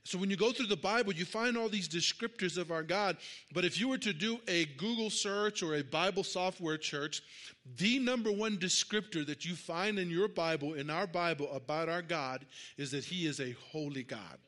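A middle-aged male pastor preaches in a loose, conversational way, tripping over fillers and restarting his sentences. His voice sits a little high for a man and sounds bright and forward. He keeps checking in with the congregation and asking for amens. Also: normal speed. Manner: conversational, many fillers and repeated starts, calls for amens. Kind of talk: sermon with personal story.

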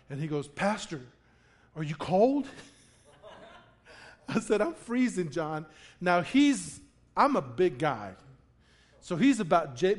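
A pastor preaching to a congregation, telling a funny story with acted-out quotes before turning to the lesson. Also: male voice, high-pitched. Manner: animated storyteller, acts out quotes with laughter. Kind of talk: sermon with a personal story. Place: church in front of a congregation.

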